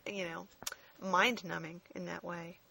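A woman hosting a casual review chat, talking frankly and at length, swearing freely and filling pauses with ums. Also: fairly low pitch, fairly even intonation, vocal fry, bright, forceful tone, husky.

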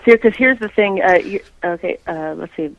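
In a lo-fi recording, a woman with a medium-pitched voice is interviewed about her own artwork at a moderate pace. She chats casually as the creator and artist and now and then breaks into playful impressions.

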